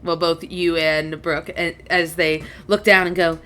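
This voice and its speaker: A woman's voice: low-pitched, little pitch movement, a little slow, few pauses, sharp tone. Chatty woman running a tabletop game. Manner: chatty, often laughing. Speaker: game master.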